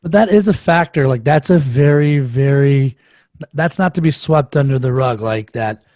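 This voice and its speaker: A man's voice: medium pitch, moderate pace, darkish tone, no room sound. A man in a podcast interview, asking earnest, reflective questions. His voice sounds dry and close, with no room around it. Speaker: podcast host. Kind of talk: conversational interview.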